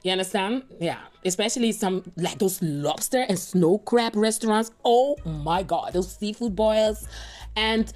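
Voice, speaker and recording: A woman's voice: medium pitch, measured pace, darkish tone. A woman hosting a reaction video, chatting casually and rambling straight to her viewers. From Europe.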